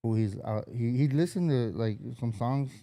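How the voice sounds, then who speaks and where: Southern California man, rapper guest, dark mellow tone, animated slangy storyteller. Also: moderate pace. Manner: animated, acts out quotes with raised pitch, heavy slang. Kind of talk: casual storytelling chat.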